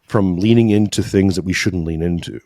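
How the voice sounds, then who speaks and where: A low, darkish male voice at normal speed, with no room sound, belongs to a podcast guest in a conversational religious discussion. He speaks earnestly and preachily about faith, is emotional at times, and often closes points with "right?"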